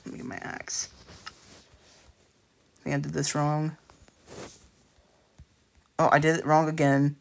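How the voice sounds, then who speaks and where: Male gamer, casual build commentary, gravelly voice, hesitant, lots of restarts. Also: fairly high pitch, completely flat delivery, measured pace, long pauses, slight background noise. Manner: rambling, hesitant, frequent fillers and restarts. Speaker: let's play creator.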